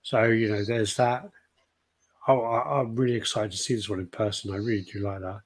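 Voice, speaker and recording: A man's voice: lowish voice, fairly even intonation, fairly quick, breathy edge. A man co-hosting a casual podcast about collectible statues, rambling, swearing casually and laughing often. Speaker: podcast co-host.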